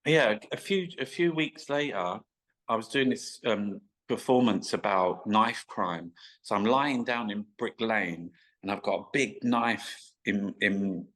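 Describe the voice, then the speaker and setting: A man's voice: fairly low pitch, a bit bright, poor audio. A man, a guest telling rambling, sweary stop-start anecdotes in a casual interview. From England. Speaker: guest artist.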